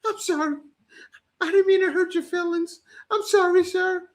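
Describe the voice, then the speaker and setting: A man's voice: very high voice, steady tone, moderate pace, voice pushed up. A man mockingly voicing a frightened woman who pleads and sobs her apologies. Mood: sobbing apology. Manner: whimpering, crying, mocking.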